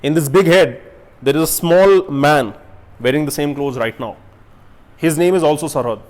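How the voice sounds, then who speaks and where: A young man delivers a casual motivational talk straight to his viewers. His slightly raised voice pushes out rhetorical questions in sudden loud bursts, then sinks into quiet, drawn-out asides. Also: on the high side. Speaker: self-help YouTuber.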